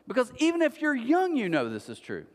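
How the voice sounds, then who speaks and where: A middle-aged pastor delivers a chatty sermon in a church auditorium, full of stories and self-mocking humor, speaking directly to his listeners. His voice is very high with huge pitch swings and a slightly fast pace. A long church-hall reverb carries the recording.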